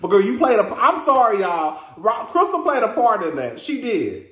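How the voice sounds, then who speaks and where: A man's voice: high-pitched, big pitch swings, normal speed, fairly bright tone, reverberant. A man, hosting a casual review vlog in a sassy, chatty way, calling listeners "girl" and laughing often. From Texas. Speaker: reality TV reviewer, host.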